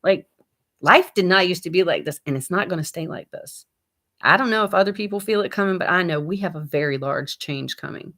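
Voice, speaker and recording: This middle-aged livestream host talks casually and bluntly from her home kitchen while cooking, swearing freely as she goes through viewer comments. Her voice is lowish and a bit bright, and she speaks a little fast.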